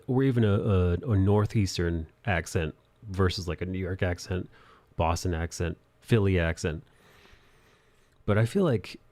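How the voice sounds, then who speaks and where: A man's voice: on the low side, vocal fry, darkish tone. A young man hosting a live drawing stream, chatting loosely, laughing and thanking viewers for their support. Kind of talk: casual live-stream chat. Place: apartment in an old city building.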